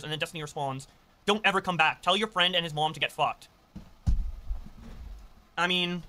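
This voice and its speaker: A man's voice: a little high, moderate pace, long pauses, pushed and bright, a little hiss or hum. A man in a played clip, commenting with rambling, hedging talk and many fillers.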